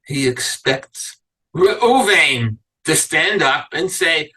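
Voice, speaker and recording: Bright, husky-voiced rabbi teaching a class. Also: male voice, fairly high pitch, expressive, extremely slow, recorded from a distance, low-quality recording. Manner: reads verses aloud, then asks the class pointed questions. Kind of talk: Torah lecture to a live class.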